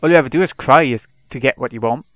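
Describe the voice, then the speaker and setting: A man's voice: medium pitch, quick pace, a bit bright, no echo, lightly acted. A man reading the lines of a vengeful teenage girl tormenting her captive, in a cold, mocking manner, in his own voice. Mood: taunting.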